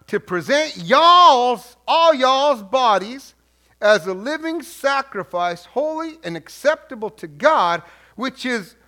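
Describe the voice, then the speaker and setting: A man's voice: very high voice, bright, forceful tone, full character voice. A man reading scripture in a put-on Southern American accent, drawing out each phrase with heavy emphasis. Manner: slow, emphatic drawl. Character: apostle read in a drawling Southern voice.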